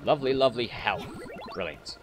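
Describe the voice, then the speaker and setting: A man doing let's play commentary, excitable and jokey, talking back at the game. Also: medium pitch, fairly quick, over music.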